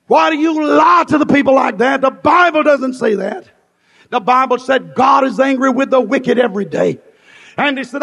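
A man preaching a fiery revival sermon, shouting in rhythmic repeated phrases that swell and drop. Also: very high voice, normal speed, creaky. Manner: shouting, rhythmic repetition, rising and falling in bursts. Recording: long reverberant hall.

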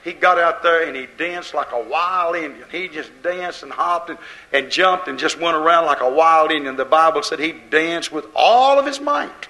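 A man preaching an impassioned sermon as pastor, rising and falling in loudness as he drives his points home. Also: a little high, lively intonation, moderate pace, poor audio.

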